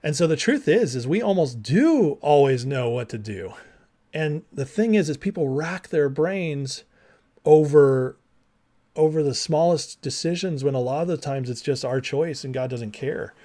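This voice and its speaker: A man teaching a Bible class in a casual, animated way, acting out the people in the stories with slangy dialogue. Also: fairly high pitch, unhurried.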